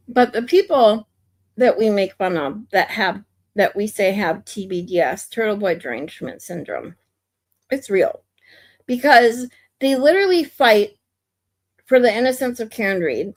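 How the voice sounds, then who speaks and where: A woman's voice: mid-range voice, expressive, a little slow. A woman streamer from the United States giving blunt, opinionated commentary in a casual ranting manner.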